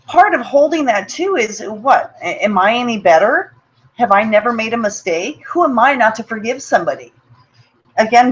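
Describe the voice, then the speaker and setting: A woman hosts a motivational webinar, speaking earnestly and personally in a medium-pitched voice. She repeats words often and keeps checking in with "okay?" The recording sounds muffled.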